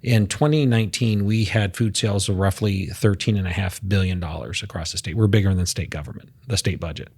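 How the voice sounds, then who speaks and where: Podcast guest: low, gravelly, husky male voice, emphatic, data-driven, talks in restarts. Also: brisk, hardly any pauses, darkish tone. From United States. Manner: emphatic, statistic-heavy, repeats words when starting. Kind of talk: casual podcast interview.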